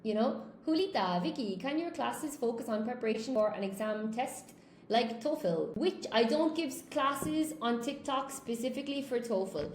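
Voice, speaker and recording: A woman in her thirties chats as an English teacher on a casual livestream, reading out comments and checking in with "you know?". Her voice sits fairly high for a woman. The room is echoey, with a faint hum behind her. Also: moderate pace. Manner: chatty, animated, often asks "you know?". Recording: roomy echo, faint background hum.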